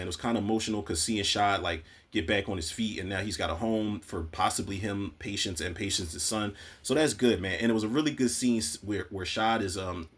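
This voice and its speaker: Husky-voiced man recapping a show. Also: on the low side. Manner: animated, profane, acts out characters' lines. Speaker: TV recap podcaster. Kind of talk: casual spoiler recap.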